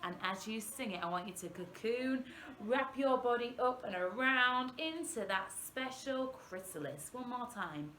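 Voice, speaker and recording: A woman's voice: on the high side, echoey room, slight background noise. A young woman presenting an interactive singalong lesson for young children, encouraging them and stretching out her words. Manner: animated, encouraging, drawn-out words. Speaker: primary school workshop presenter.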